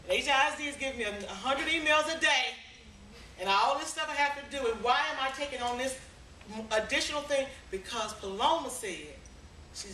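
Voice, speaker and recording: Animated woman telling stories in an echoey hall. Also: high voice, slight background noise. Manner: animated, acts out voices in anecdotes. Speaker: speaker. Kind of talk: storytelling seminar talk. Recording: echoey hall, mic from far off.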